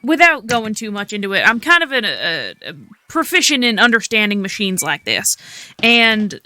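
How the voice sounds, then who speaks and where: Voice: medium pitch, very animated, normal speed, sharp tone. A player in a tabletop game, talking hesitantly with many fillers and restarts. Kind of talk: casual tabletop game play.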